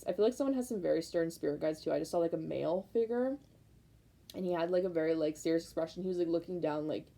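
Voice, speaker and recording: A young woman talks through a tarot reading in a rambling, repetitive way, pressing her points with fired-up emphasis. Her voice sits a little low, with a mellow, relaxed tone and a gravelly edge of fry. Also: low-quality recording. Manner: excited, fired up. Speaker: tarot reader.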